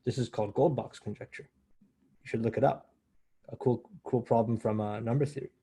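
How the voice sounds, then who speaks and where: A man's voice: medium pitch, steady tone, fairly quick, mellow, slightly rough. A man giving a university math lecture in a conversational way, often correcting himself as he explains step by step.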